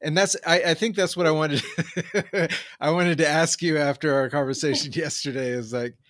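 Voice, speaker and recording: A man in casual conversation, talking in a halting, reflective way with many fillers and restarts. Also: on the high side, steady tone, fairly bright tone, dry recording, clean studio sound. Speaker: conversation partner.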